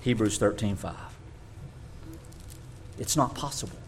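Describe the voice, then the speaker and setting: A man's voice: fairly low pitch, a little slow, a little hiss or hum. Emphatic male preacher. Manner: emphatic, repeats words for stress, wide swings in loudness. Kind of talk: sermon teaching from scripture.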